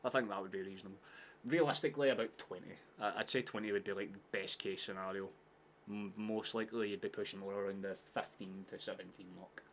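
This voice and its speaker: A man hosting a live football watchalong, chatting casually, swearing often and shouting at big chances. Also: fairly low pitch, fairly even intonation, quick pace, slight background noise.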